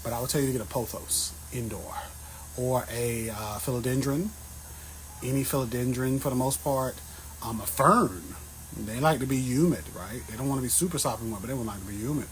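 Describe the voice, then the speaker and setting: A man chatting casually with his viewers on an outdoor patio, answering plant questions in a joking, animated way. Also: medium pitch, a little fast, a little hiss or hum, rough recording. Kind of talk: casual livestream chat.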